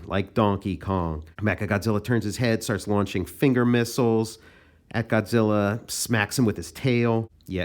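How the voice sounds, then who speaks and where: A comic artist and podcast host walking casually through his own artwork, thinking aloud in a loose, meandering way. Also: deep voice.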